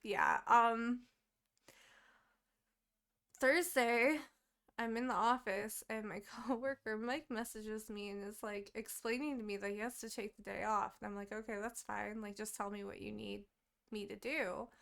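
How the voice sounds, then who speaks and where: A woman's voice: mid-range voice, fairly even intonation, measured pace, vocal fry, fairly bright tone. A young woman co-hosting a podcast, chatting casually and rambling through her week, swearing often and laughing. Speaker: podcast co-host. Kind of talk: casual chat.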